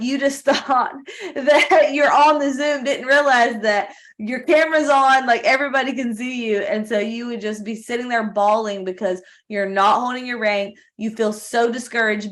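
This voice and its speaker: A woman hosts a company video call and warmly praises the last speaker. Her voice is a little high, and her manner is effusive and encouraging.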